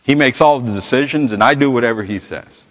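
A man's voice: medium pitch, brisk, fairly bright tone, lightly acted. A man voicing a strong-willed farm wife who speaks firmly and sternly, in a reverberant hall. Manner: firm, stern.

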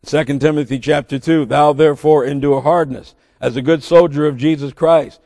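Gravelly Southern preacher man. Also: on the high side, fairly even intonation, moderate pace, warm tone, no room sound, clean studio sound, in a large hall. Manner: earnest, building to emphatic bursts with folksy asides. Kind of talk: sermon.

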